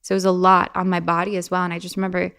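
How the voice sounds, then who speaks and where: As a podcast guest, a young woman animatedly relates personal stories in a casual way, peppered with fillers and laughter. She speaks very fast in a lowish voice with a clean tone.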